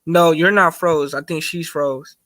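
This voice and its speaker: A man's voice: a little high, fairly even intonation, unhurried, a bit bright, no room sound. A man joining a live online talk show over video call, greeting people in a laid-back, friendly way. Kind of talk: casual live-stream chat.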